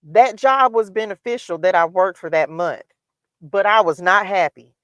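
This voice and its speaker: Woman host, mid-pitched, candid and repetitive in her spiritual talk, dry sound. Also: normal speed, no echo. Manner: candid, repetitive testimony style. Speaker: livestream host. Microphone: livestream microphone.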